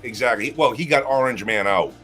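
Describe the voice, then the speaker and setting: A man's voice: mid-range voice, a little fast, fairly bright tone, soft background music. A man co-hosting a casual live stream chat, opinionated, joking and swearing. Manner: profane, opinionated, jokey.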